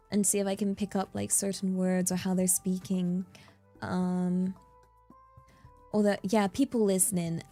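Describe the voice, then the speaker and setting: Rambling playful woman streamer. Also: mid-range voice. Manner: rambling and playful, with fillers and bursts of excitement. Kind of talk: casual livestream chat. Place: in Japan.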